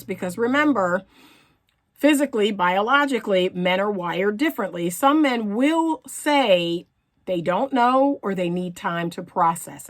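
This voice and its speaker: A middle-aged woman relationship coach giving earnest, emphatic advice to women, repeating her key phrases for emphasis. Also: on the high side. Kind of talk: direct-to-camera advice talk.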